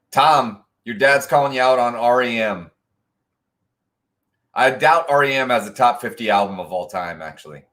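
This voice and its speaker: A man runs an online trivia night, reading out answers and scores while teasing players in the chat with sarcastic banter. His mid-range voice is a bit bright, and he keeps a moderate pace.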